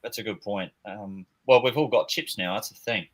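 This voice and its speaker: A man's voice: lowish voice, moderate pace. A man co-hosting a casual fantasy football podcast, thinking aloud hesitantly with fillers. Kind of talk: casual chat.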